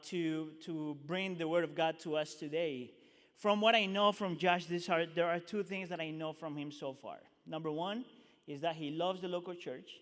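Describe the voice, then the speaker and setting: A man, a teaching pastor, casually introducing a guest speaker to the congregation with frequent fillers. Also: a little high. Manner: casual, friendly, many fillers. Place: church sanctuary. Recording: reverberant church hall.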